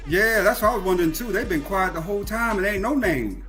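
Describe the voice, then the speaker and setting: A man in his forties, a guest on a live stream, chatting casually with loud, joking exclamations. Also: high-pitched, lively intonation, fast, faint music behind. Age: 40s. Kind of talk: casual chat.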